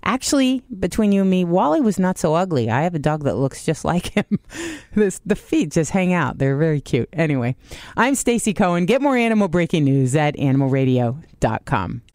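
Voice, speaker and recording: A woman's voice: sits low, sing-song, fairly quick, a little mellow, no echo. A woman presenting a short animal news update on radio, scripted with light, chatty asides.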